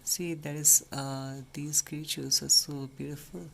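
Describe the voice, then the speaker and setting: A man, a bird rescuer, speaking softly and soothingly to an injured baby bird while explaining its care. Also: fairly high pitch, little pitch movement, unhurried, vocal fry. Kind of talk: casual vlog narration. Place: at home, indoors. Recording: noisy home recording.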